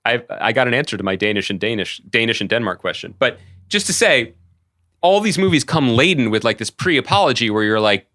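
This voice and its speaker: A man co-hosting a casual podcast, his voice bright and forceful with a lot of up-and-down movement. He jokes in a sarcastic, swearing way. The studio sound is close and dry. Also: medium pitch, expressive, brisk, no room sound. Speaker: podcast co-host. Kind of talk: casual chat.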